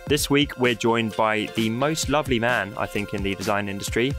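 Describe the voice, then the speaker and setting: A man's voice: on the low side, moderate pace, few pauses, over music. A man with a British accent hosting a podcast, upbeat and playful, teasing his guests. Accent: British English. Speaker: podcast host. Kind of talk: upbeat podcast chat with jokes.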